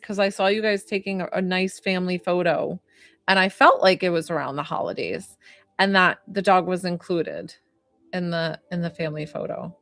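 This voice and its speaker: Her voice is fairly low-pitched with a fairly bright tone: a young adult woman on a casual livestream doing a psychic reading. The talk is emotional and chatty, packed with fillers.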